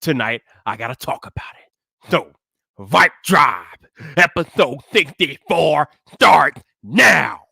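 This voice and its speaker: A man hosting a tech podcast live, chatting casually with viewers and greeting them by name, then hyping his intro with shouted energy. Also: a little high, lively intonation, takes it slowly, creaky, slightly rough, dry recording, studio quality.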